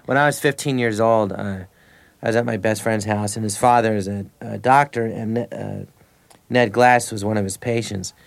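A man's voice: on the low side, fairly even intonation, normal speed, vocal fry. Rambling man telling comedy stories. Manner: rambling, restarts mid-sentence, laughs between stories. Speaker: guest comedian. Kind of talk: casual anecdotal interview.

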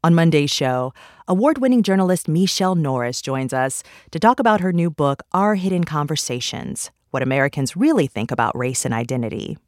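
A woman's voice: deep voice, lively intonation, a little fast, darkish tone, dry recording. Woman radio host, dry studio voice. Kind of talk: radio show outro. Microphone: studio mic.

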